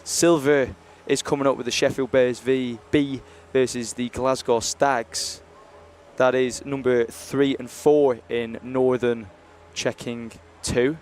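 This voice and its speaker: A man's voice: mid-range voice, flat delivery, slow pace, a little mellow, a little hiss or hum. A young man commentating live on a university ice hockey stream, chatty and jokey as he rambles between games.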